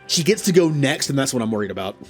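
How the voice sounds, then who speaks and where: A man's voice: medium pitch, very animated, fast, faint music behind. A man hosting a let's play, thinking aloud about his moves with chuckles and self-deprecating remarks. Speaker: gaming channel host.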